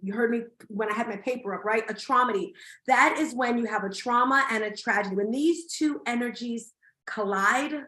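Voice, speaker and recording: A woman's voice: on the high side, moderate pace, bright, forceful tone. Emotional middle-aged woman, echoey room. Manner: emotional, heartfelt, addressing audience directly. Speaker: summit host. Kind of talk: personal storytelling talk.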